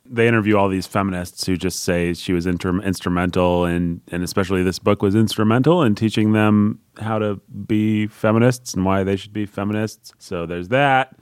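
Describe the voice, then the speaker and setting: Low-voiced snarky podcast man. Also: moderate pace, hardly any pauses, smooth, dry recording, studio quality. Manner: snarky, mocking boos. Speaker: podcast co-host. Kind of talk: casual chat.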